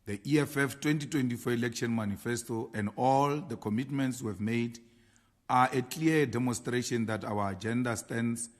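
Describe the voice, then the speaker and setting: Casting note: South African male politician, mid-pitched, reads his statement in a measured, emphatic way. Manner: slow, emphatic delivery of lists. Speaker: party leader.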